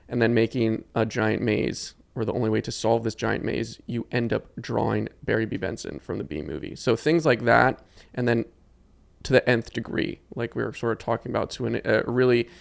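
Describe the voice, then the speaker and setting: A man's voice: mid-range voice, vocal fry. A man hosting a casual interview, talking in an enthusiastic, rambling way. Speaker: podcast host.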